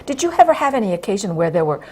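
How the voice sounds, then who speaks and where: A woman's voice: medium pitch, very animated, rapid-fire, a little hiss or hum. A woman hosting an interview, asking curious, stacked questions and rephrasing as she goes. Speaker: host. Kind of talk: interview conversation.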